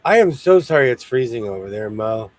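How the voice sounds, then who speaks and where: A man's voice: mid-range voice, fairly quick, dry recording. A man chatting casually on a video stream, telling stories and joking. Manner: animated storyteller, jokey. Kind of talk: casual chat.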